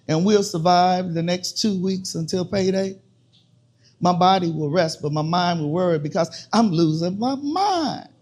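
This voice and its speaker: A man performing a spoken word poem at an open mic in a bar, slow and deliberate with heavy pauses and a repeated refrain. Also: sits high, a little mellow.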